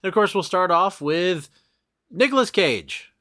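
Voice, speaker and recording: A man's voice: high voice, lively intonation, unhurried, fairly bright tone. A man hosting a casual movie podcast, chatting and sharing comic book trivia. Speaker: podcast host.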